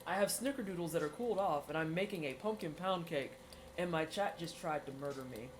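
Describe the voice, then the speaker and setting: Deep-voiced and animated, she talks briskly while baking live for her viewers. The chat is casual and teasing, full of giggles and exclamations, with slight noise in the background.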